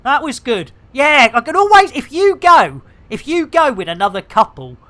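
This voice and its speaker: A man's voice: extremely high pitch, sing-song, normal speed, sharp tone. A middle-aged man with an English accent chatting casually and animatedly while streaming, swearing freely and ranting. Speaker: game streamer.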